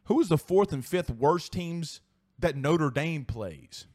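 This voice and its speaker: A sports show host from South Louisiana, talking with the accent of that region. He rants hot and profane, reading live chat comments between jabs. His voice sits somewhat high for a man. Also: lively intonation, slow, darkish tone. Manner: heated, profane, fired-up ranting.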